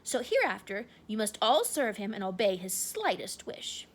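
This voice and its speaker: A woman voicing a small, proud female mouse queen with a squeaky little voice, indignant and regal. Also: very animated, normal speed.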